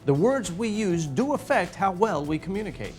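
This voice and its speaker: A man's voice: high-pitched, very animated, normal speed, over music. A man giving scripted narration for an educational video, playful and theatrical in his emphasis.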